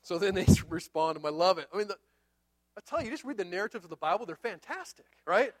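A man preaching a sermon, telling a Bible story in an animated way and acting out the characters. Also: high voice, fast. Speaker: pastor.

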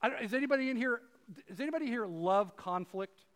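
High-voiced man preaching in a reverberant hall. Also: fast talker. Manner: casual and animated, acts out voices, many fillers. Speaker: preacher and professor. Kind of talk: conversational sermon. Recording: long reverb of a large hall.

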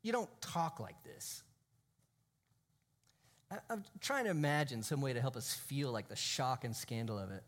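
Preaching in church, a male pastor uses a medium-pitched, animated voice at normal speed and pauses often. He stresses his points emphatically, drawing out key phrases and sometimes going nearly to a whisper.

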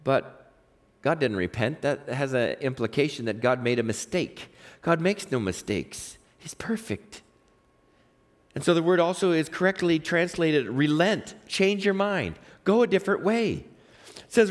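A man preaching a sermon, moving between quiet low asides and raised emphatic lines. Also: expressive, unhurried. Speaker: pastor.

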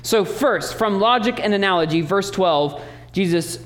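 A male pastor preaching a sermon, emphatic and animated, breaking off into teaching asides. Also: sits high, normal speed.

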